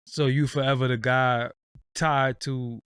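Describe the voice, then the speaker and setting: A man's voice: medium pitch, level tone, measured pace, fairly bright tone, clean tone, no room sound, clean studio sound. A man hosting a casual podcast chat, laid-back and agreeable. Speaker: host.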